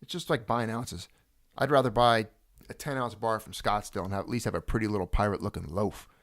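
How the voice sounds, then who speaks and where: A man hosting a casual video chat, talking straight to viewers in a jokey, animated way. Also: on the low side, brisk. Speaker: host.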